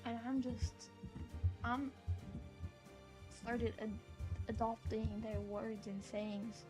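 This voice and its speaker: American girl rambling on stream, highish voice, bit of music going behind. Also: fairly even intonation, takes it slowly. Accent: neutral American with some British-sounding words. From United States. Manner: chatty, rambling, swears casually. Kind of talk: casual gaming stream chat.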